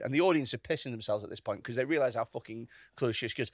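A man's voice: medium pitch, racing, hardly any pauses, no echo, studio quality. A man on a podcast, telling a story in casual chat. He swears a lot and acts out the other people's lines. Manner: animated, swears often, acts out quotes. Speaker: podcast host.

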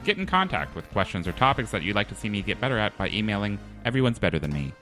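Deep-voiced guy hosting a podcast, crisp bright tone, lots of ums, dry deadpan. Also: quick pace, faint music behind. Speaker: podcast host. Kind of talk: casual comedy podcast chat.

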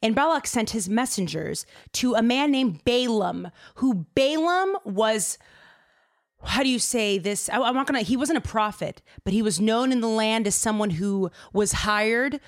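A woman telling a story casually, animated and slangy with lots of fillers. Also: fairly high pitch, measured pace.

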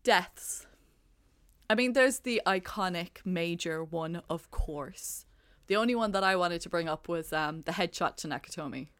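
A woman's voice: on the low side, normal speed, a bit bright, dry recording, studio quality. A young woman co-hosting a podcast in casual chat, rambling with hesitant restarts and laughing. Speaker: podcast co-host.

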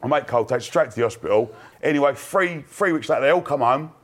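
A man's voice: medium pitch, animated, quick pace. A man, telling a long anecdote breathlessly and laughing as he goes on a fan panel. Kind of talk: animated storytelling.

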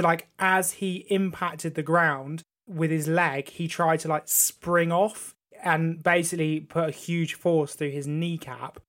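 A man's voice: on the high side, a bit bright. A young man, a podcast co-host, telling a story in casual chat and swearing freely.

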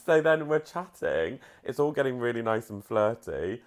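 A man's voice: medium pitch, big pitch swings, normal speed. Giggly man telling stories. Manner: giggly, self-mocking storyteller. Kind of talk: casual anecdote chat.

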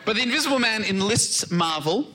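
A man's voice: sits high, lively intonation, fairly quick, bright, forceful tone, faint music behind, a faint crowd, poor audio. A man hosting a live comedy podcast, enthusiastically summarising a classic novel with jokey praise for his guests. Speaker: host.

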